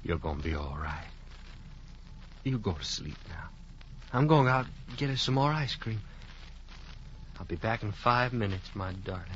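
An actor playing a young man gently reassuring his dying sweetheart, soft and coaxing. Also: lowish voice, expressive, normal speed, long pauses, dull audio, a little hiss or hum. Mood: tender.

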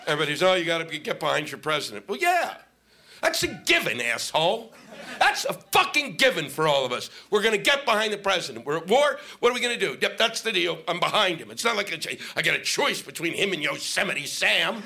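A man's voice: high voice, big pitch swings, a little fast, creaky, sharp tone. A male stand-up comic doing a profane, ranting set on stage into a microphone. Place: comedy stage with audience laughing.

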